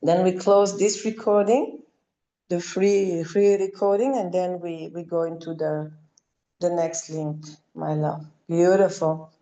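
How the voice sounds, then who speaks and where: A woman leading a live spiritual clearing session, speaking in commanding incantations and soft, coaxing asides. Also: lowish voice, fairly even intonation, a little slow, lo-fi sound.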